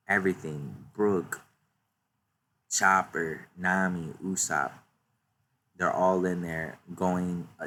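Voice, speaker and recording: A man casually recapping a comic chapter, retelling the action excitedly with many fillers. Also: low voice, a little hiss or hum. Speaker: YouTuber recapping a manga chapter.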